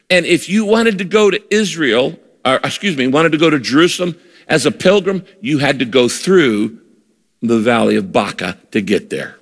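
A man's voice: on the high side, lively intonation. Preaching man in a large reverberant hall. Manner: emphatic preaching, sometimes slows to drive points home. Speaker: pastor. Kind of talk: sermon.

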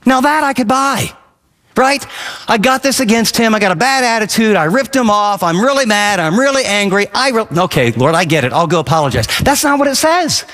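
Male radio preacher with a high voice, emphatic and chatty, in a hall with long reverb. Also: lively intonation, a little fast, fairly bright tone. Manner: emphatic, conversational preaching with acted-out asides. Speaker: pastor. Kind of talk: radio sermon.

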